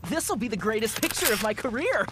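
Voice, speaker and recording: An actor playing a vain young photographer villain in a video game, who mocks and gloats with cackling laughter. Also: male voice, high-pitched, very noisy, full character voice.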